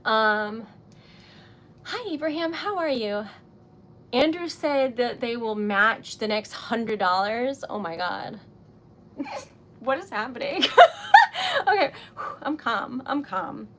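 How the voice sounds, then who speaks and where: A woman's voice: on the high side, expressive, slow pace, pauses often, fairly bright tone. A woman hosting a casual craft livestream, chatty and easily flustered, laughing often. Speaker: livestream host making wax seal stickers.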